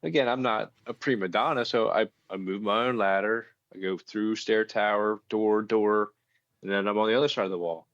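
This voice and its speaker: Blunt, low-voiced man in casual chat. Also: steady tone, moderate pace, fairly bright tone, no room sound, lo-fi sound. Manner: blunt, storytelling, swears casually. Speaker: podcast co-host, electrician.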